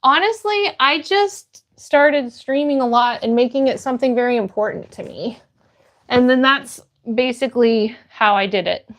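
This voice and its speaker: A woman's voice: high voice, animated, normal speed. A woman livestreamer reading her chat aloud, upbeat and greeting viewers by name.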